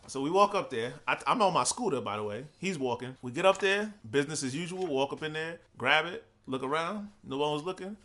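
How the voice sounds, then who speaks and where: Young man from Providence, quick bright delivery, loose profane storyteller. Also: on the high side, animated. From Providence, Rhode Island. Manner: laid-back, profane, laughs through stories. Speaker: podcast host. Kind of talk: casual storytelling.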